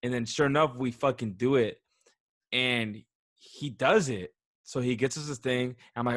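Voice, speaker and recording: A man in his twenties telling a story on a podcast in a rambling, swearing, casual way. His voice is mid-pitched and the sound is dry and close. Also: moderate pace, no room sound. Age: 20s. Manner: rambling, swears often, says "dude" and "bro". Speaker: podcast co-host.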